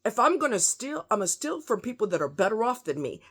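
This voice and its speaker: A woman's voice: a little high, very animated, a little fast, fairly bright tone, slightly rough. Furious, profane woman ranting. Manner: profane, heated, emphatic. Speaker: vlogger. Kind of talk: angry rant to camera.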